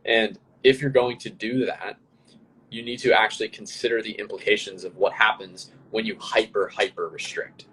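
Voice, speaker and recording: A man's voice: lowish voice, fairly even intonation, normal speed, fairly bright tone, a little hiss or hum, rough recording. A man co-hosting a casual live stream, explaining things in a plain, instructive way and often checking in with "right?".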